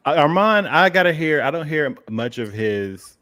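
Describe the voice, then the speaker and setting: A man's voice: a little high, expressive, moderate pace, pushed and bright, no echo, clean studio sound. A man co-hosting a casual fan show, playful and emphatic with a sassy edge. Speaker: co-host. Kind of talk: casual chat.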